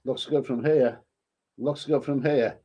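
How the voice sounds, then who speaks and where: A man's voice: mid-range voice, steady tone, a little slow, dull audio. A man with a cold, rambling casually as a travel vlogger reading out viewer comments, with many restarts. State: stuffy with a cold. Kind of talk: casual live-stream chat.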